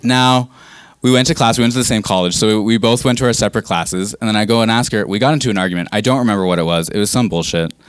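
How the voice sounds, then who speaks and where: A man in his twenties telling a story on a comedy stage, casual and profane with a deadpan edge. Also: on the low side, quick pace, clear, resonant tone, dry recording. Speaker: stand-up comedian.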